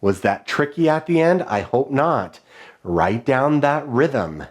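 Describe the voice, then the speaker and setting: Guy teaching kids music, chants rhythms in a bouncy up-and-down voice, slow and clear. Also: lively intonation, heavy background noise. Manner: clear, encouraging classroom call-and-response; chants rhythm syllables in a high sing-song. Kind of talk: online music lesson for children.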